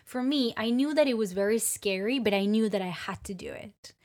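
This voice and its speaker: Animated woman podcast co-host. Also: a little high, fairly quick. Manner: expressive storyteller, animated when excited. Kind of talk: casual chat. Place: Malmo.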